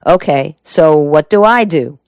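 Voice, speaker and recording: A sardonic male private eye, as a woman narrator puts him on, drawls slowly in a husky, low voice. The reading is dry and close to the mic. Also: lively intonation, darkish tone, dry recording. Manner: slow drawl. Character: gruff slow-drawling male private detective.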